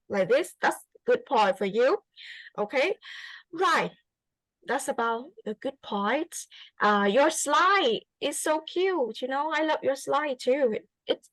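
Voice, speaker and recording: A woman's voice: sits high, dry recording, rough recording. A woman with a Vietnamese accent giving an English student spoken feedback, encouraging and repeating her phrases with many fillers.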